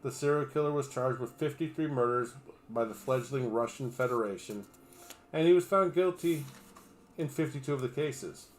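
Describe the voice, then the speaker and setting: Man, streamer, reading aloud, sarcastic cussing asides, trips on words, mid-pitched voice. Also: normal speed, a little hiss or hum. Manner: reads steadily, breaks off for crude, sarcastic asides; stumbles over names and words. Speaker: livestreamer. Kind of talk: reading an article aloud on a livestream.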